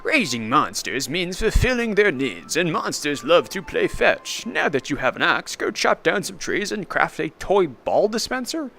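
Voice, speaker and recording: A man reading a game character's lines in a put-on old man voice, slow and drawn out. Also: fairly high pitch, very animated, vocal fry, bright, forceful tone, faint music behind, full character voice. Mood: bossy. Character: fussy old male game shopkeeper.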